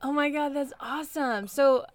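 A woman's voice: high-pitched, moderate pace, no room sound. A woman co-hosting a podcast, chatting playfully and laughing often. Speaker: podcast co-host. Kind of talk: casual chat.

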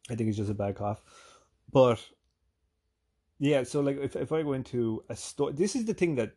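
A man from Ireland with a softened Irish accent, rambling through a casual, profane, self-deprecating vlog monologue. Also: medium pitch, animated, normal speed, breathy edge. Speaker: vlogger.

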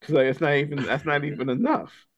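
Gravelly guy on a podcast, blunt, cursing, voice goes up and down a lot. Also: fairly high pitch, lively intonation, fast talker. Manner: blunt, profane. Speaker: podcast co-host. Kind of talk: casual podcast chat. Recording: dull lo-fi sound.

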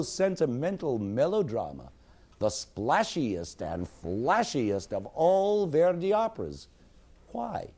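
Expressive male music lecturer, slow delivery. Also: medium pitch. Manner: expressive, sings musical examples at the piano. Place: lecture hall. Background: piano music.

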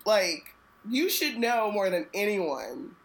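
A woman's voice: mid-range voice, very animated, takes it slowly, vocal fry, low-quality recording. A woman co-hosting a casual book podcast, talking expressively with slangy asides and frequent laughs. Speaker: podcast co-host.

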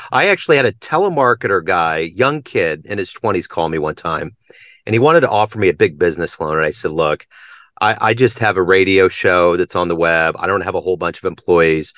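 A man hosting a podcast interview, telling stories with enthusiasm and lively quoting. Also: deep voice, a little fast, no room sound, clean studio sound. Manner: enthusiastic storyteller, animated quoting. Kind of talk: casual interview chat.

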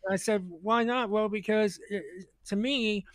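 Male podcast co-host, high voice, dry close sound; rambling storyteller who restarts often and plays both sides of the dialogue. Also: fairly even intonation, moderate pace, no room sound. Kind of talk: casual comedic storytelling.

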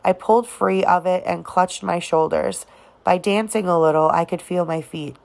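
Low creaky woman reading a novel. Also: fairly even intonation, normal speed, darkish tone. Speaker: reader. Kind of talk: audiobook narration.

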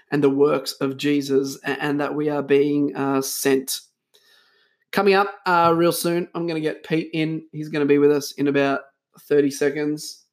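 A man hosting a church podcast, chatting casually, teasing his guest and laughing often. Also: a little high. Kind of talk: casual chat.

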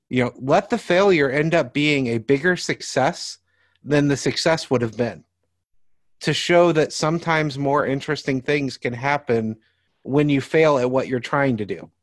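A man's voice: medium pitch, dry recording, clean studio sound. A man who runs tabletop games, chatting casually on a podcast and explaining his approach with examples. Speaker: game master.

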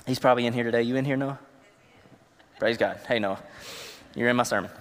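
A pastor preaching a conversational sermon from a church stage. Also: male voice, medium pitch, a little fast. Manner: conversational preaching with Southern phrasing. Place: church auditorium. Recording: long reverb of a large hall.

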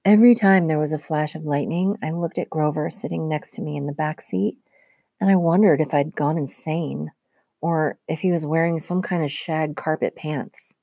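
A woman teacher reads a novel aloud to her class in a low, mellow voice. Her narration is steady and even, recorded dry with no room sound. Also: normal speed, no room sound.

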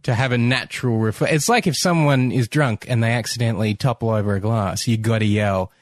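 Brief: Australian man, mid pitch, halting, repeats himself, dry close sound. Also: no room sound. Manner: hesitant, repeats words when starting. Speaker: podcast co-host. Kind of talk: casual film discussion.

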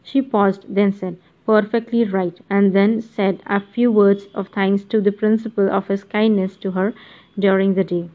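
A woman narrating a literary novel as an audiobook, in a measured, even reading, muffled audio. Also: mid-range voice.

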